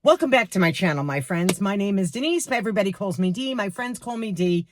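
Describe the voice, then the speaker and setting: A woman's voice: mid-range voice, fast, background noise. A woman in her sixties with a New York accent, ranting to camera in her garage about a rude cashier. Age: 60s. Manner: indignant, animated, acts out quotes. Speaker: vlogger. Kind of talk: storytime rant to camera.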